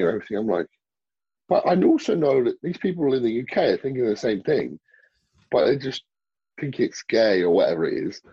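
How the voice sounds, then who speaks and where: A man's voice: lowish voice, sing-song, a little fast, breathy edge, no echo, highs cut off. A man talking as a bodybuilder guest in a casual interview, blunt and swearing freely.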